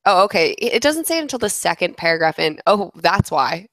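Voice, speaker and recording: A young woman co-hosting a casual podcast chat, sarcastic and animated, laughing often. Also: mid-range voice, slow pace, no echo. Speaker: podcast co-host.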